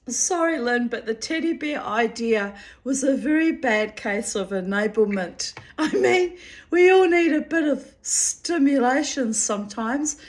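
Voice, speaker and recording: A woman telling a personal story in a casual, candid way, often breaking into giggles and swearing freely. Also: high-pitched. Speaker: storyteller reading her own diary.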